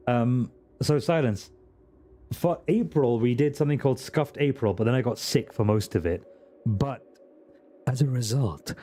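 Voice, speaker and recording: A man's voice: medium pitch, dark tone. Ranting man streaming games. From Britain. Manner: crude, ranting comic asides. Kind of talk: casual live-stream chat.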